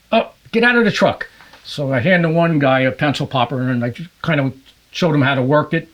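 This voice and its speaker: An older man from New Jersey, a podcast guest and fishing guide, telling stories in a casual interview and acting out other people's voices. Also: fairly high pitch. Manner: animated, acts out the voices of others in his anecdotes.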